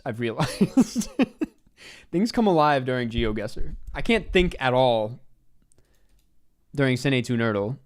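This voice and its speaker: A young man talking to himself through a live stream game, his pitch jumping up and down as he grumbles and curses. He answers chat questions in an offhand, casual way. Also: expressive, takes it slowly, long pauses. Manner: mutters and swears at himself while playing. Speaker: livestreamer.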